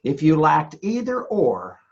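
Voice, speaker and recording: A man's voice: fairly high pitch, huge pitch swings, slow pace, creaky, a little mellow, breathy edge, highs cut off. An older American man talking as a podcast guest in casual chat, laughing often and repeating words as he goes. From United States.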